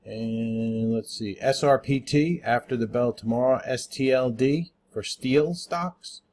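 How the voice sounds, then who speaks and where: A man's voice: medium pitch, takes it slowly, darkish tone. A man hosting a casual daily stock market rundown, talking unscripted with lots of "uh" fillers and spelling out tickers letter by letter. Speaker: stock market watchlist host.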